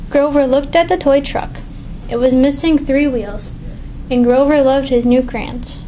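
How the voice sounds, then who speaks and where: A woman reading a children's picture book aloud in a clear, measured storytelling manner. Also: high voice, fairly even intonation, warm tone, a little hiss or hum, poor audio. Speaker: reader.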